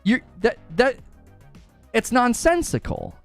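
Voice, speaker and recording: A man's voice: very high voice, wildly swooping pitch, takes it slowly, faint music behind. A man ranting sarcastically in a video commentary about a game, exasperated and mocking. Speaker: gaming commentator.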